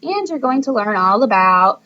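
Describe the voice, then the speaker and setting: Emotional teacher-mom for a kids' storybook: high-pitched, sing-song, over the top; a woman acting her out, lo-fi. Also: big pitch swings, normal speed. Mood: cheery. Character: emotional, gushing adult female teacher and mom.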